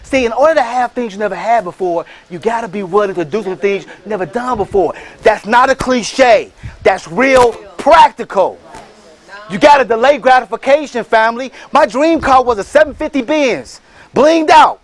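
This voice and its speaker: A man giving a motivational talk, rallying the crowd with call-and-response and shouted bursts. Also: very high-pitched, animated, normal speed. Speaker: motivational speaker and franchise entrepreneur. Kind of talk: motivational speech.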